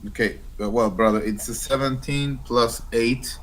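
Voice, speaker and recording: A man at a tabletop game who talks casually and hesitantly, often starting a thought over. He speaks at an ordinary pitch. A faint noise runs underneath. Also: steady tone, normal speed, poor audio. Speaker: player.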